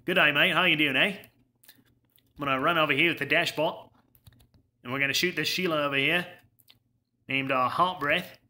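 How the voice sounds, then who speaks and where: A brash, cheery male gamer in an overdone mock-Australian accent, as a man puts him on, louder than the performer's usual talk. The tone is bright and cutting, and the accent is played as a caricature. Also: on the high side, moderate pace, pauses often. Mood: jokey.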